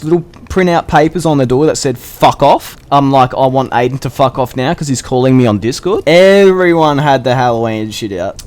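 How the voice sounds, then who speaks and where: A young man with an Australian accent, telling a story in a rambling, crude and excitable way. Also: medium pitch. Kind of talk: casual storytelling.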